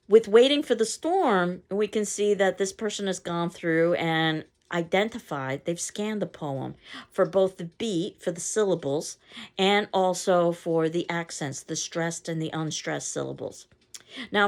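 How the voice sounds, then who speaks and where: With a fairly low, expressive voice and a measured pace, a woman teacher gives a recorded poetry lecture. She's not local, explains in a conversational way, and reads the poem aloud emphasizing its stressed beats.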